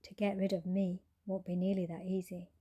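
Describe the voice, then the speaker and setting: A woman's voice: fairly low pitch, level tone, a little fast, mellow, breathy edge. A woman voicing a tiny, smug flea that teases in a sing-song way in a read-aloud storybook. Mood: teasing. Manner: teasing, sing-song taunting. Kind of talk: storybook character voice.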